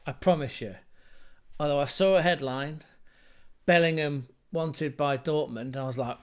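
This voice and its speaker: Young male football host, slightly high, smooth and clear, chatty and jokey. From England. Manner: chatty, jokey and animated, with quick asides. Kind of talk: casual commentary.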